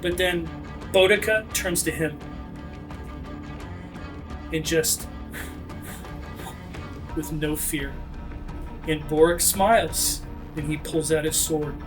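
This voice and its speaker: Taking it slowly with frequent pauses, a game master with a voice pitched high for a man narrates a tabletop sword fight. Faint music plays underneath as he energetically drives the scene, bursting into shouted sound effects.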